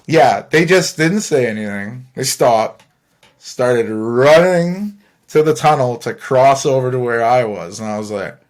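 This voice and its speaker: Rambling Canadian guy telling a story. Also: mid-range voice. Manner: rambling, laughs often, swears freely. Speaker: podcast host. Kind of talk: casual storytelling monologue.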